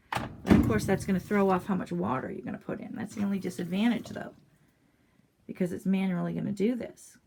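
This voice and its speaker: Blunt gravelly-voiced woman reviewing at home. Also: mid-range voice, a little hiss or hum. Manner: blunt, opinionated, talks while demonstrating. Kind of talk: casual product review demonstration. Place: home laundry area. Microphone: iPad on a stand.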